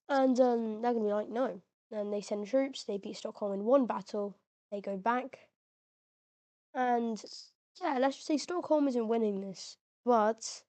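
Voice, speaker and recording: A woman narrating a mapping video speaks on the high side, though her tone is dark. Her casual take on the map game is slang-heavy and filler-filled, with occasional voice cracks.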